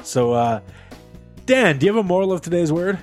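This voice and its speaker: Casting: upbeat male podcast host, animated, swooping pitch, quick laughs. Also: faint music behind. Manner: laughing often, lively pitch swings. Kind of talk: casual group chat.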